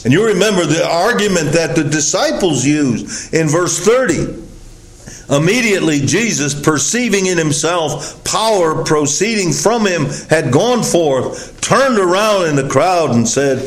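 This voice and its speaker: A man preaching a sermon, leaning hard on key words with long pauses and sudden drops to a low, quiet voice. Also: animated, echoey room, poor audio. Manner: emphatic, drawn-out stresses with sudden drops in pitch and volume.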